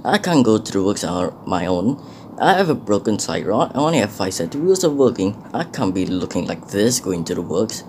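A man's voice: fairly low pitch, very animated, fairly quick, a little mellow, a little hiss or hum. A man voicing a sleepy, complaining male goods engine in a homemade storybook tale. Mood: grumbling tired. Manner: drowsy and complaining. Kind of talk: storybook voice acting.

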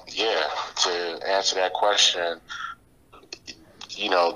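Middle-aged man, podcast guest, low voice, sharp bright tone, reflective and motivational in casual interview talk. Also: rough recording. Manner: reflective, motivational, many "you know" fillers.

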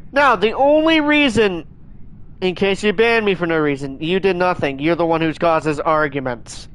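A male streamer with a high, light voice who talks over his game in a rambling, excitable rush. He stumbles and restarts often and keeps scolding his chat as he goes. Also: moderate pace, smooth. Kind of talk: live gaming stream chat.

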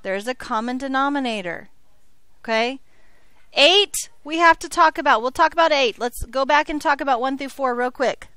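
A woman's voice: high-pitched, normal speed, sharp tone, no room sound. A woman teaching an algebra class, joking with her students and checking in with frequent questions. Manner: playful, jokey, checks in with frequent "okay?". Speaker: high school algebra teacher. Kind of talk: classroom lecture.

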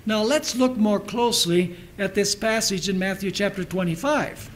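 A man's voice: sits high, normal speed, slight background noise, poor audio. A pastor preaching a sermon, repeating his references and putting questions to his listeners. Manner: emphatic preacher who repeats references and asks the audience questions.

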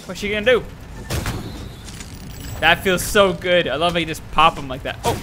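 A man's voice: high-pitched, normal speed, background noise. A young man giving casual let's-play commentary, talking to himself and viewers, yelping and laughing as he plays. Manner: excitable, talks to himself and viewers while playing, yelps and laughs. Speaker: gaming YouTuber.

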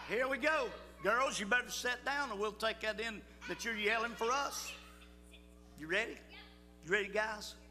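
A man's voice: high-pitched, bright, forceful tone. An older man leads a children's Bible school assembly in a folksy, coaxing way, calling out to the crowd. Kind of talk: leading a children's church assembly. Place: church hall. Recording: hall reverb with music.

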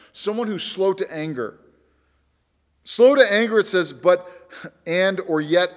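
Pastor guy preaching, kinda high voice, earnest, repeats stuff, big reverby church sound. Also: a bit bright. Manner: earnest, emphatic, repeats key words. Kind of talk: sermon. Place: church sanctuary.

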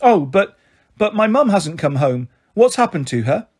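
A man's voice: sits high, very animated, normal speed, darkish tone, breathy edge, exaggerated voice. A man voicing an anxious young girl who pleads urgently on the phone for her mum, in a storybook reading. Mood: pleading.

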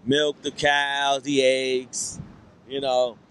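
A man's voice: medium pitch, monotone, drawn-out words, fairly bright tone, smooth. A man doing stand-up, telling a rambling story with repeated lines and voiced quotes. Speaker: stand-up comedian. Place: comedy club stage.

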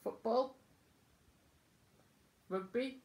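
A woman teaching children school signs, gentle and patient, naming each word with pauses. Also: a little high, vocal fry, roomy sound. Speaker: children's sign language presenter. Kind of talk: slow teaching talk to children.

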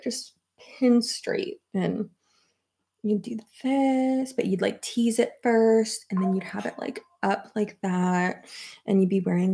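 Chatty woman with a gravelly voice. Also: medium pitch, darkish tone. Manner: rambling, chatty, laughs often. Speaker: YouTuber. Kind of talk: casual chat while doing her hair. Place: home office at her desk.

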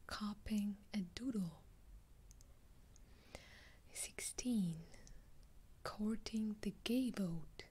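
A woman's voice: mid-range voice, dark tone, slightly rough. A woman with a Russian accent whispering an ASMR video, reading a numbered list with dry, amused asides. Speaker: ASMR creator.

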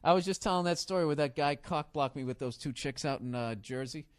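A man hosting a podcast, telling a profane, rambling comedy story with loud, excited outbursts. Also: on the high side, brisk, no room sound, clean studio sound. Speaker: podcast host. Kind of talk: casual comedic monologue.

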